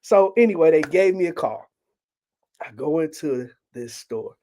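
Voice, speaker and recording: A man shares a faith testimony as a guest author, telling it like an animated storyteller with plenty of casual slang. His voice sits high and sounds dark and mellow in tone. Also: a little slow, a little hiss or hum.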